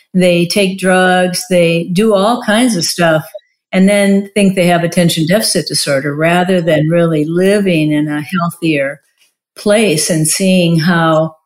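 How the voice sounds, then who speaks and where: A woman talking in a loose, chatty way, full of fillers. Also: on the low side. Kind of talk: casual conversation.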